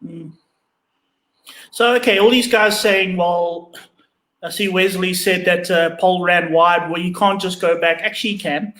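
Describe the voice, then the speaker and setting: A man's voice: high voice, steady tone, a little slow, a bit bright, echoey room, poor audio. A man co-hosting a casual motorsport chat from home over a video call, loose and hesitant with wry asides. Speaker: co-host. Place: home room.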